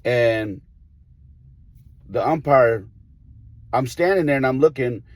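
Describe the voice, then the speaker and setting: A man, a baseball coach, telling a story in a casual podcast chat, animated and acting out the people in it. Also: medium pitch, slow pace, no echo. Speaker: high school baseball coach.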